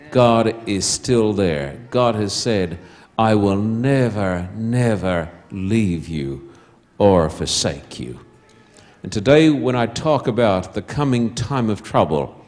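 A man delivering a sermon in a fairly low voice. He speaks slowly and deliberately, letting his voice sink to a hush at the tender moments. His voice comes through a stage mic in front of a congregation. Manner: slow, deliberate storytelling with hushed quiet passages. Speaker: preacher.

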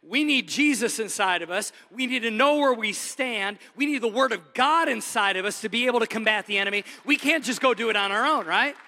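High, bright-voiced preacher in a reverberant hall. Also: male voice, expressive, fairly quick, hardly any pauses. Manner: preaches with big swings between loud emphasis and hushed softness. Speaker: pastor. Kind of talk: sermon. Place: church sanctuary.

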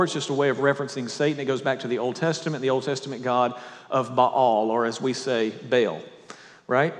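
A man's voice: a little high, in a large hall. A male pastor preaching a sermon, walking through scripture verse by verse with conversational asides to his listeners.

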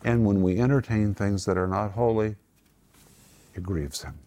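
A man's voice: on the low side, steady tone, moderate pace, warm tone. A man co-hosting a Christian talk show, teaching a Bible passage in an earnest, emphatic way and drawing out his key words. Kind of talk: sermon-like teaching.

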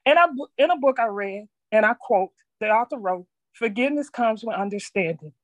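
A middle-aged woman with a fairly high voice reads her own written reflection aloud, earnest and measured. She stumbles over a word now and then. The sound is dry and close, with almost no room in it. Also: expressive, no room sound, highs cut off. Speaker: speaker sharing her story. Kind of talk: reading a personal reflection aloud.

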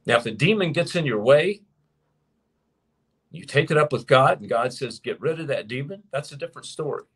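A man preaching and teaching to his viewers as host of his show, emphatic, slowing down to stress points. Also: a little high, slightly rough. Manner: animated and emphatic, slows down to stress key points. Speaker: preacher hosting a live show. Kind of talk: sermon-style teaching to a live audience.

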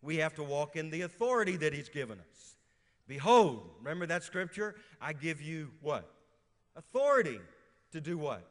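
Man, middle-aged, from Louisiana, preacher who fires questions at the congregation. Slightly high voice with a long reverb from the church hall. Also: expressive, fairly quick, few pauses, fairly bright tone. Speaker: pastor. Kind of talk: sermon. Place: church sanctuary.

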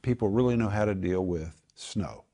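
A man's voice: sits low, normal speed, mellow. A man teaching the Bible in a home group discussion, explaining Greek words and repeating key phrases for emphasis.

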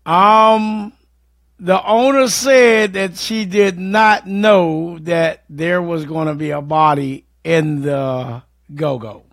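Man co-host, high voice, unhurried delivery, blunt casual takes. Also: steady tone, a bit bright, dry recording, studio quality. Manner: blunt, opinionated. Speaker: livestream show co-host. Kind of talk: casual opinion commentary.

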